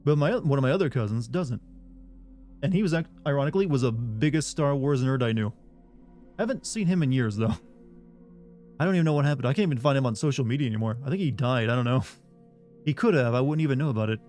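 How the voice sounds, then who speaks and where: A man's voice: mid-range voice, animated, fast, a little mellow, soft background music. A man from the US South, with no regional accent, streaming a game and chatting casually, reading viewer messages aloud and answering them in a rambling way. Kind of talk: casual live-stream chat.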